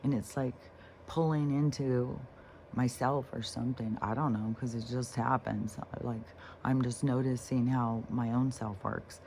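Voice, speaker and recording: Her voice rumbles low with a dark tone and fairly even intonation, and a faint hiss or hum sits under the recording. She's a spiritual vlogger speaking slowly and off the cuff about healing and letting go, drifting between thoughts, cursing casually, and frequently starting sentences over.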